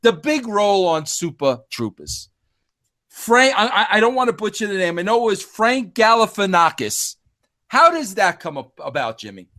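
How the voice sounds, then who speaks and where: A man hosting an interview, reacting with eager enthusiasm and casual slang. His voice is high for a man and swings widely up and down. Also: sing-song, normal speed, bright, forceful tone. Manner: enthusiastic, eager, says "bro". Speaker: interview host.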